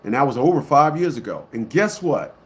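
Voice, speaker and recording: Expressive and brisk, a man performs a blunt, emphatic monologue as an online commentator for a live audience. He often repeats himself, shifting from loud outbursts down to muttering.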